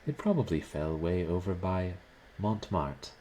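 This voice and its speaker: A man's voice: low-pitched, very animated, unhurried, dark tone, a little hiss or hum, poor audio. A man reading aloud and voicing a young painter who speaks with forced cheer and unconcern. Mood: cheerful.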